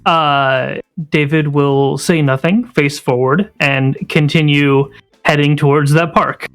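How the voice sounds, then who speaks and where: A man's voice: fairly high pitch, steady tone, slow pace, fairly bright tone, clear, resonant tone, soft background music. A man playing in a tabletop role-playing game, hesitant and thinking aloud. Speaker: player.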